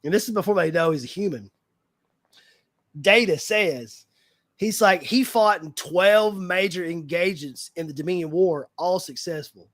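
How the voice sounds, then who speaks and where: A man with a fairly high-pitched voice hosts a relaxed livestream chat with fans, rambling, restarting, and leaning heavily on fillers like "like" and "you know." He talks at normal speed, and the sound is dry and close with no echo or room around it.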